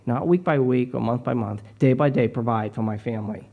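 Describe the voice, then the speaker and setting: A man's voice: mid-range voice, a little fast, vocal fry, hardly any pauses, darkish tone. A middle-aged man preaching a sermon, earnest and personal, often repeating words as he starts a phrase. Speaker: pastor.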